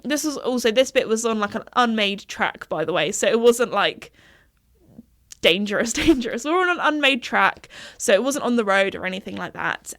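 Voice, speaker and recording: A woman's voice: mid-range voice, a bit bright. A young woman hosting a podcast, chatting casually in a rambling way and laughing often. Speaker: podcast host. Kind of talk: casual chat.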